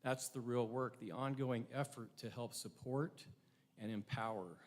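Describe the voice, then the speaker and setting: Middle-aged guy giving a ceremony speech, earnest and thoughtful, mid-pitched voice. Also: measured pace. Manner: earnest, reflective, asks rhetorical questions. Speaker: ceremony speaker.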